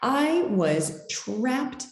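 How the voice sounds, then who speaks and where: A woman tells a children's story aloud, taking her time over each line. Her pitch swoops widely and dramatically as she reads. The recording carries a noticeable room echo. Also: very animated, very slow. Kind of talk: expressive children's picture-book reading.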